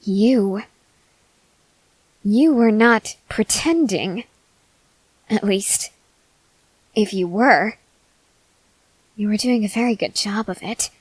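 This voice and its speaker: A woman voicing an arrogant, unhinged young male cult leader in a whispered role-play, slow and intense, swinging between whispers and sharp outbursts. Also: mid-range voice, slightly rough, dry recording, rough recording. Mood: bitter. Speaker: ASMR voice actor.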